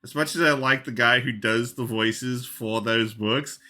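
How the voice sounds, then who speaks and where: Man, podcast co-host, casual chat, very bright voice, rambling, swears, fillers. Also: medium pitch, steady tone, measured pace. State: sick, coughing.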